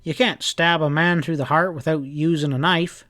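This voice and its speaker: Man reading a sharp western hotel keeper. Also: on the high side, fairly even intonation, moderate pace, pitched above the performer's own voice, lightly acted. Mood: accusing. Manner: sharp, demanding. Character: sharp suspicious male hotel proprietor.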